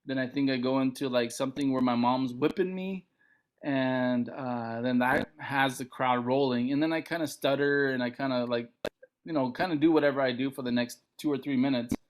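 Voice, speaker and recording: A middle-aged man from Montana, a comedian guest telling a story on a podcast, acting out other people's lines. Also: moderate pace. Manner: animated, acts out other people's lines with big pitch jumps.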